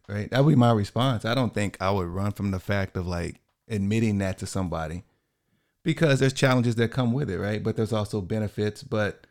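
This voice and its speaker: Gravelly low-voiced man, casual co-host. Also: brisk, darkish tone. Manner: loose, thinking aloud with many fillers and restarts. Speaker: podcast co-host. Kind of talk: casual conversation on marriage.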